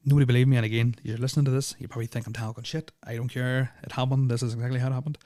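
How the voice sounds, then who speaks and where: Young guy, podcast host, fast, flat-toned, rambling and uneasy, dry close sound. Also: mid-range voice, dry recording. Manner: rambling, full of "like" fillers, restarts and swearing; nervous, uneasy retelling. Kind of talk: casual storytelling of personal experiences.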